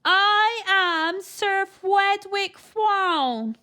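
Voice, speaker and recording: Woman voicing a stuffy posh gentleman, R's as W's, raised and slow, prim, storybook. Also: extremely high pitch, animated, voice pushed up, full character voice. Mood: pompous. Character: pompous posh male zoo director, stiff.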